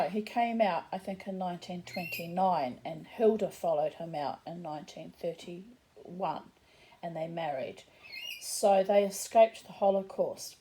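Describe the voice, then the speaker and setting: A middle-aged woman recounts a personal memory at an unhurried, drawn-out pace. She rambles, corrects herself mid-sentence and drops wry asides along the way. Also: medium pitch, dark tone, slight background noise, rough recording. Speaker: storyteller. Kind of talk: personal storytelling monologue.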